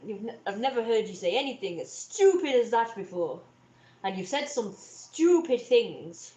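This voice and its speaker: A shrill, mocking mother scolds with scorn, as a young woman imitates her. The voice jumps higher and louder than plain talk, and the room echoes around it. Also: very animated, normal speed. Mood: scornful. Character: scornful angry middle-aged mother.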